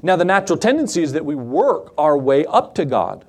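A middle-aged man preaching a sermon as pastor, animated and acting out Bible scenes in different voices. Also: fairly high pitch, brisk.

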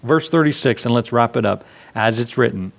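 A man's voice: mid-range voice, a little fast, vocal fry. A man preaching a sermon to his congregation in a conversational way, acting out little scenes with asides. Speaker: pastor.

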